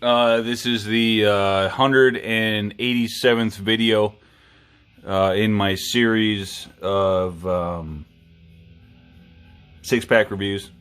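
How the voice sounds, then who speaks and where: Slow-talking tipsy man rambling profanely. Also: on the low side, fairly even intonation, a bit bright, clear, resonant tone, soft background music. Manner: drunk, rambling, profane, self-mocking. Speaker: knife review vlogger. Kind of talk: rambling casual chat.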